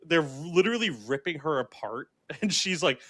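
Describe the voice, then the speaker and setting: A man's voice: a little high, normal speed, breathy edge. A man co-hosting a casual podcast chat, talking animatedly with lots of "like" and frequent laughter. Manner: animated, laughs often, filler-heavy. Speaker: podcast co-host reviewing a film.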